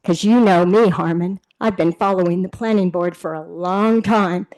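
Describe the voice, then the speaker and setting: A woman's voice: lowish voice, normal speed, darkish tone, low-quality recording. Indignant woman giving public comment. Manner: indignant, combative. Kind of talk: public comment at a city board meeting.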